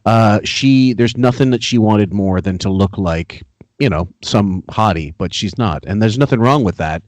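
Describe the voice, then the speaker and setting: A man co-hosting a podcast delivers profane, mocking commentary in loose, ranting bursts. His voice is fairly low, and the recording is dry and close. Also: normal speed, a little mellow, no room sound. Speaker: podcast co-host.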